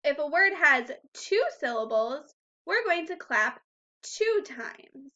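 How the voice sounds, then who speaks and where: A woman's voice: sits high, lively intonation, a little slow, sharp tone, muffled recording. A woman teaching a first grade phonics lesson to young children in a patient, encouraging way. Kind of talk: recorded online phonics lesson.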